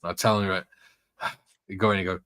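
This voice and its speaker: A man's voice: deep voice, level tone, moderate pace, a bit bright, no echo. A man chatting casually at home, telling rambling anecdotes and reading out viewer comments, laughing often. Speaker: scale model builder, co-host. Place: home room with curtains closed.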